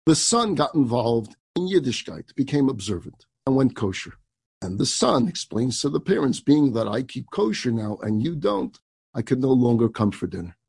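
A man's voice: a little high, gravelly, husky, dry recording. A man, a rabbi, telling a personal story in a sermon, acting out the dialogue and laughing as he goes. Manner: animated storyteller who acts out dialogue, laughs while telling.

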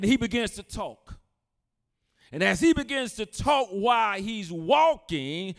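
A male pastor delivering a sermon, moving from plain storytelling to emphatic, shouted preaching. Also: high-pitched.

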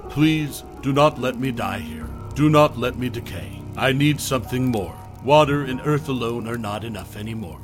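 A man's voice: mid-range voice, normal speed, hardly any pauses, music in the background, natural voice. A man voicing a hungry talking garden with a slithery, quivering, pleading voice in a horror story.

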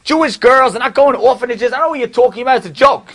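A man voicing a wealthy man who yells accusations scornfully. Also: very high voice, rapid-fire, pitched above the performer's own voice, heavily acted. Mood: furious. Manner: yelling, scornful.

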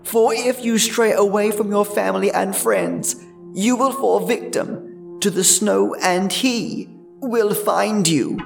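A man voicing an eerie old grandmother who tells ghost stories in a slow, ominous hush. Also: high voice, vocal fry, recorded from a distance, soft background music, voice pushed up, exaggerated voice. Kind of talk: horror story narration.

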